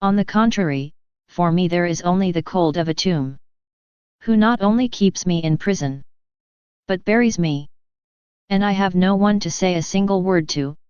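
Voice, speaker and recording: A woman voicing Jesus in a devotional reading, speaking in a slow, solemn, measured way. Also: fairly low pitch, darkish tone, smooth, dry recording, natural voice. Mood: lonely. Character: Jesus speaking tenderly to a soul, male. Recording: dull, dry, lo-fi audio.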